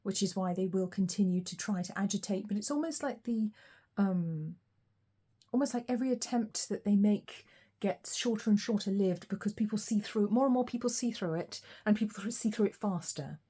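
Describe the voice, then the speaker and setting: A woman giving a collective tarot reading, talking in a reflective, unhurried way with frequent ums and pauses. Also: mid-range voice, mellow, slightly rough. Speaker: tarot reader.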